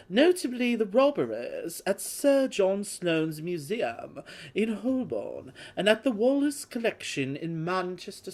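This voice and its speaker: A woman's voice: on the low side, a little mellow, exaggerated voice. A woman voicing a dramatic Victorian newspaper crier in a put-on British accent. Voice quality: theatrical, exaggerated. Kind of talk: dramatic reading.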